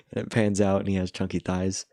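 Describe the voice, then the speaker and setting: A man's voice: deep voice, dark tone, dry recording, clean studio sound. A man chatting casually while drawing, retelling a cartoon episode in a laid-back, rambling way.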